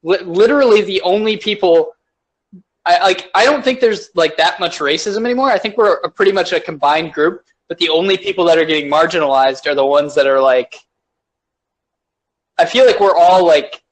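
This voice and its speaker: Rambling man, slightly high voice. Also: moderate pace, rough recording. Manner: rambling, profane, laughs a lot. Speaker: podcast co-host. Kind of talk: casual chat.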